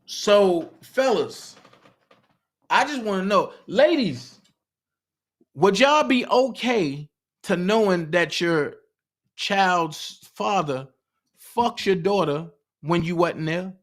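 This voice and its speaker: Fired-up guy with aave ranting on his stream, pitch a bit high, keeps hitting the chat with questions. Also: lively intonation, slow pace. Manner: indignant, asks the chat pointed questions. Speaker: livestream host. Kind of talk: heated livestream commentary.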